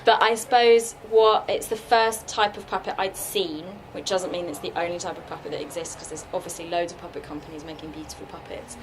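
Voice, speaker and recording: With a lowish, steady voice that runs a little fast and hardly pauses, a woman takes audience questions as a guest puppeteer. It is a casual Q&A in a festival workshop room, recorded live amid noise, and she chats freely with many "likes" and fillers.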